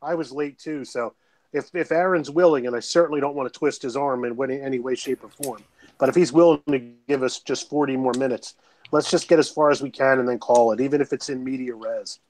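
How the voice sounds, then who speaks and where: A man's voice: medium pitch, steady tone, brisk, darkish tone, low-quality recording. A man playing a tabletop game, talking casually and pushing the group to keep going. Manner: talkative, reasonable, keeps the group moving. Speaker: player.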